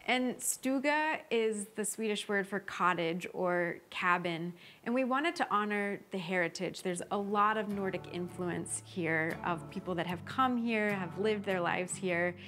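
A woman's voice: medium pitch, measured pace, hardly any pauses, a bit bright. A woman homeowner speaking earnestly and reflectively in an interview, sometimes repeating words as she thinks. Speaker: homeowner and designer. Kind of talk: interview talk.

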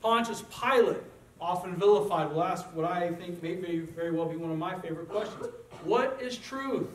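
A man's voice: high-pitched, steady tone, brisk, reverberant. Guy preaching from a church stage, mic far off, bit of background hum. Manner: conversational, earnest storytelling. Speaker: pastor. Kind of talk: sermon. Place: church sanctuary.

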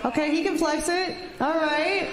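A young-sounding woman chats on a live dating show stage, her slightly high voice loose and filled with fillers and jokes. The room echoes, with a crowd and noise clearly behind her. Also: steady tone, moderate pace. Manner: chatty, filler-heavy, joking. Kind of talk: casual on-stage chat.

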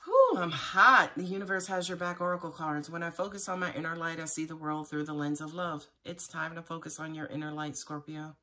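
A woman's voice: low-pitched, flat delivery, fairly quick, few pauses, a bit bright, far from the mic, a little hiss or hum. A woman giving a live tarot reading to her viewers, talking casually with plenty of swearing and frequent laughter. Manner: casual and profane, laughs often, talks straight to viewers. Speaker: tarot reader.

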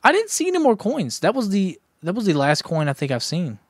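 A young man giving casual, rambling commentary while playing a zombie shooter, breaking into sudden excited outbursts, talking into a headset at home. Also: sits high, fairly quick, breathy edge, no room sound. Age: young adult. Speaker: gaming YouTuber. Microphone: gaming headset.

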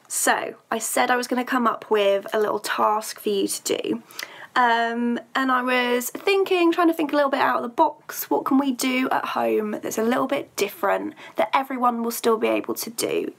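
A woman's voice: on the high side, vocal fry. A woman teacher reading a story aloud to her pupils, then chatting about a task with a few hesitant fillers.

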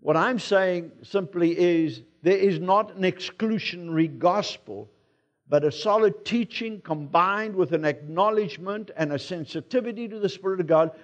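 A South African man preaching in a church, talking to the congregation as though chatting with friends. His voice sits fairly high for a man. The recording is dull and lo-fi. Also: normal speed. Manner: conversational preaching with personal anecdotes. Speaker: pastor. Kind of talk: sermon. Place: church sanctuary.

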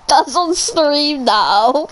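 Giggly, foul-mouthed woman streaming. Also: sits high. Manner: giggly, swears freely, jokey. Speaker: live streamer. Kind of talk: casual gaming stream chat.

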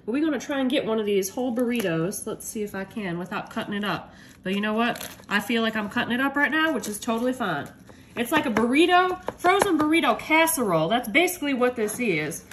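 A woman's voice: on the high side, noisy background. A woman hosting a casual home cooking demo, chatty and upbeat, calling her viewers y'all. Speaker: home cook host.

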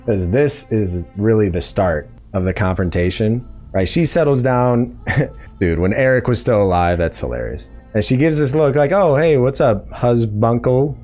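A man hosting a podcast, chatting in an excitable, casual way as he breaks down a TV episode. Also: deep voice. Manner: chatty, excitable, acts out quoted lines. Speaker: podcast host.

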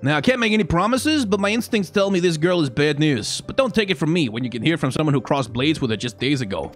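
Man putting on a gruff tournament boss, brusque, animated. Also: on the high side, faint music behind, lightly acted. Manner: brusque, hurried.

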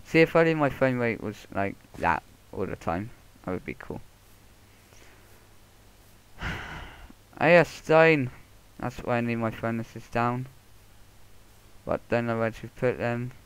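A man's voice: medium pitch, smooth. A man narrating his own gameplay, muttering to himself and swearing through a muffled headset microphone. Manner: mumbling to himself, swearing, quick outbursts. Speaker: Let's Play gamer. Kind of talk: casual gameplay commentary. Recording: muffled headset audio, faint noise.

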